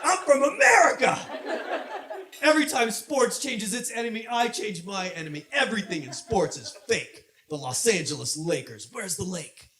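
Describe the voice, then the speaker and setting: A man from Southern California doing a stand-up comedy set on a club stage, punchy delivery that builds to shouted punchlines. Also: sits high, big pitch swings, normal speed, heavy background noise.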